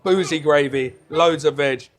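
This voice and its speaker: A man's voice: a little high, unhurried, a crowd in the background. A British man hosting a casual food vlog, chatty and upbeat as he talks to camera. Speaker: food vlogger host.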